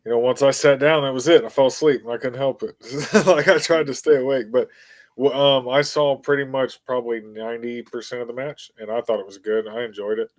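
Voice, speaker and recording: A man's voice: medium pitch, steady tone, fairly quick, dry recording. A man joining a casual podcast chat, easygoing and candid, with hesitant fillers.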